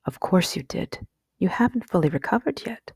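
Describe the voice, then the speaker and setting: Gentle caring mom, woman reading, husky lowish voice, dry. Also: expressive, normal speed, no room sound. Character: caring mother, gently protective.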